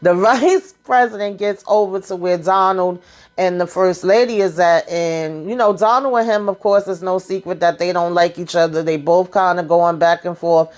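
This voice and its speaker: A woman's voice: lowish voice, fairly even intonation, a little mellow. A woman recapping a TV episode in casual, sassy chat straight to her viewers, full of asides and fillers. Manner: colloquial, drawn-out asides with frequent fillers. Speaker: TV show recap host.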